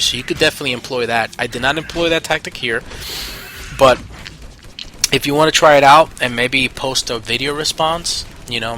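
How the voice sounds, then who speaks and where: A man talks over his gameplay footage in a bright, forceful voice, rambling eagerly and circling back with many fillers and restarts. A faint hiss sits under his voice. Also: mid-range voice. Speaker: gaming video host.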